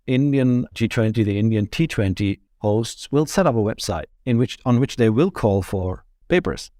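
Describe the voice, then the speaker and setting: A man with a fairly low voice answers interview questions in a measured, explanatory way, laying out his points one by one. The sound is dry and close, with no room around it. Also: warm tone, no echo. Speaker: think tank executive director, interview guest.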